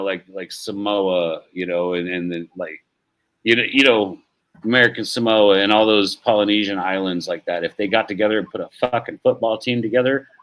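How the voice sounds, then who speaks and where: Low-voiced rambling stream host. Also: male voice, fairly bright tone, low-quality recording. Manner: rambling, laid-back, swears casually. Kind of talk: casual live-stream sports chat.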